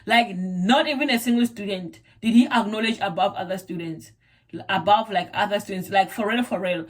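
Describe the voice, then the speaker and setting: A woman's voice: mid-range voice, normal speed. A young South African woman with a South African accent, chatting casually to camera in a rambling way, repeating words and using lots of fillers. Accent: South African English. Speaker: vlogger.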